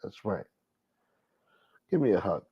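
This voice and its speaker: A man's voice: very animated, a little slow, breathy edge. A man hosting a casual livestream, muttering back to the comments his viewers type. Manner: mutters low, talks back to chat. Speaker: livestream host reading chat. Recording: dull lo-fi stream audio.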